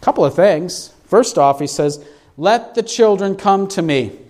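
Male pastor, high voice, preaching, questions the congregation. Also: unhurried. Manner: asks the congregation questions, animated. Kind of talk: sermon.

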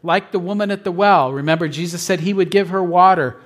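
A man with a high-pitched voice preaches briskly, repeating himself for emphasis. Again and again he asks his congregation "right?"

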